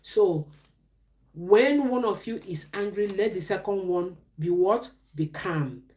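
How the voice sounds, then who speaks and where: A woman's voice: mid-range voice, slow, a little mellow. A middle-aged woman, giving relationship advice on a live stream in a preachy way, asking questions and answering them herself.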